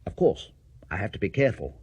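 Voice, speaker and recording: Nervous, fussy clock cuckoo, always in a rush, as a male storyteller puts it on; husky, lively pitch, dry sound. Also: no echo. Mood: flustered. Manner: fussy, anxious and hurried. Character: flustered, overworked little cuckoo in a clock.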